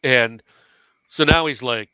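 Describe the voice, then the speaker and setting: A man spins a self-mocking story in a bright, forward voice, swearing freely as he goes. His delivery is animated and conversational, recorded dry with almost no room sound around him. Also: medium pitch, takes it slowly, clean tone, dry recording, dull audio. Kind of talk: casual storytelling on a live stream.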